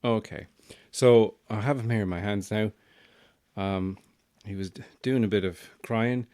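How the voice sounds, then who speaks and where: A man's voice: lowish voice, steady tone, unhurried, a little mellow, clean tone, dry recording. A man hosting a podcast as a new father, talking in a dry, self-deprecating and joking way in a casual monologue. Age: young adult or middle-aged new father. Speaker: podcast host.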